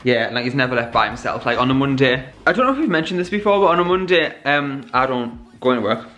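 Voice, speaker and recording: A man's voice: mid-range voice, sing-song, fast talker, a bit bright. A young man, chatting casually to the camera in a rambling vlog. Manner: chatty, rambling, laughs often. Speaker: vlogger.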